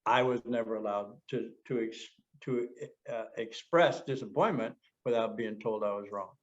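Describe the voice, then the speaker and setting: A man's voice: fairly low pitch, normal speed, lo-fi sound. An older man co-hosting a show, talking candidly and reflectively, often laughing at himself. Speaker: co-host. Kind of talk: reflective casual talk.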